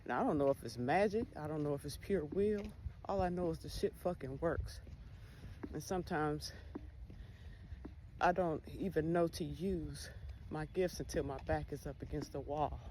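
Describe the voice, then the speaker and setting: A woman with a low, slightly mellow voice speaks at a moderate pace in a candid monologue on faith, blunt and full of cursing. The recording has a noisy background hiss.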